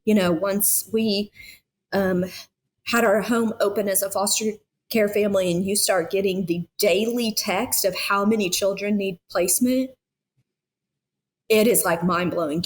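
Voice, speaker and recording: Woman, thirties, foster parent guest, earnest, emotional, chatty fillers, mid-range pitch. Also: fairly even intonation, measured pace. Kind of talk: heartfelt podcast conversation.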